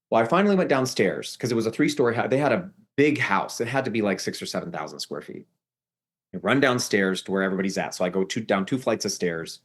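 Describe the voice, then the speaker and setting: Male podcast guest, earnest emotional storyteller, voice rises steeply at key moments. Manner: earnest, voice rising high when reliving the shouting. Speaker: guest telling his life story.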